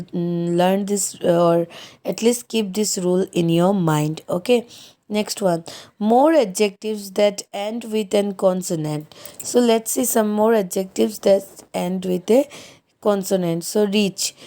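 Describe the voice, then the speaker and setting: Woman, unhurried grammar teacher, warm, soft tone. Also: medium pitch. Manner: slow, patient, spells out words letter by letter. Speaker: English teacher. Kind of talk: online grammar lesson.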